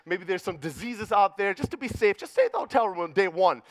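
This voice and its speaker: High-voiced Greek man telling stories on stage. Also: expressive, quick pace, no room sound. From Greece. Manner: profane, punchy storyteller acting out dialogue. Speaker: conference speaker. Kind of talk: motivational keynote storytelling. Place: conference stage.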